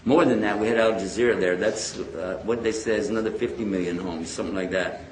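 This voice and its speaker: A man's voice: on the low side, quick pace. A man giving a storytelling lecture about his faith, acting out the dialogue of the people he talks about. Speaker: Islamic lecturer. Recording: echoey hall.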